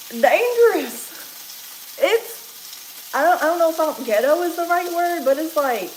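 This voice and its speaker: A woman's voice: high voice, slight background noise. Chatty Kentucky woman cooking on a livestream. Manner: chatty, laughs often, reads out viewer comments. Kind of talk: casual livestream chat while cooking. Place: home kitchen. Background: sizzling pan.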